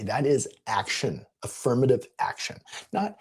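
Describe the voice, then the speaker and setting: A coach talks to his live-stream viewers in a husky, breathy voice at an everyday mid pitch. He tells his story loosely and with energy, laughing and slipping into quick impressions along the way. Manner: animated, laughing, jumps into quoted voices. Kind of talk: casual storytelling on a live video. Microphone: live-stream setup.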